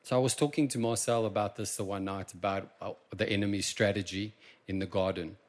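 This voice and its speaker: A South African man preaching a sermon in church, impassioned and swinging from quiet asides to loud emphasis. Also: on the low side, steady tone, brisk. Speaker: pastor.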